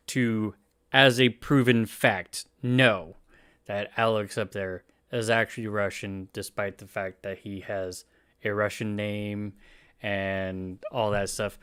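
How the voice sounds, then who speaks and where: A man's voice: fairly low pitch, fairly even intonation, takes it slowly, a bit bright, smooth. A man chatting casually on a live stream, reacting to an anime and his chat in a rambling way, often restarting his sentences. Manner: rambling, self-correcting, laughs often.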